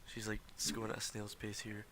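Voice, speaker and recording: A man's voice: on the low side, completely flat delivery, a little fast, bright, forceful tone, a little hiss or hum. A man narrating as dungeon master in casual, swearing talk full of fillers. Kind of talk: narrating a tabletop game. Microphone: streaming desk mic.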